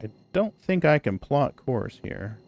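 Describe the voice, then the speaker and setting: A man's voice: medium pitch, very animated, measured pace, a little mellow, muffled recording. A man streaming a space game live, chatting casually and bluntly, cursing and griping about the game and cooing baby talk at his cat between play. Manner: blunt, swears, grumbles about game mechanics.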